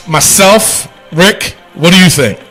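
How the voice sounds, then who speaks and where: A man with a fairly high voice, co-hosting a casual podcast. He talks in long, rambling runs, gets animated, and laughs often. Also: slow pace, faint music behind. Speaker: podcast co-host. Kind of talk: casual wrestling chat.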